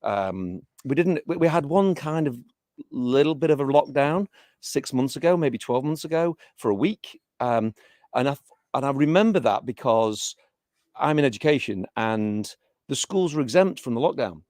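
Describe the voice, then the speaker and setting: A middle-aged man talks casually in an interview, stopping and restarting his sentences often. His voice sits at an ordinary pitch. The sound is dry and close, with no room echo. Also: animated, moderate pace, a little mellow. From England. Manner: hesitant, many restarts and fillers. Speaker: interviewee, teacher.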